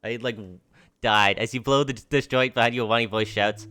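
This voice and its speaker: A man with a fairly low, clear, resonant voice and a sharp tone talks a little fast while live-streaming a game. He reads its dialogue aloud and jokes along the way, laughing often and swearing freely in between.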